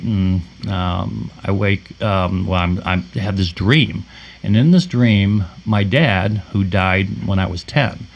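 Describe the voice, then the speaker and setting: A man co-hosting a paranormal podcast, telling a personal story in a halting way with many fillers and restarts. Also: fairly low pitch, creaky, lo-fi sound. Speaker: podcast co-host. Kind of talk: casual storytelling.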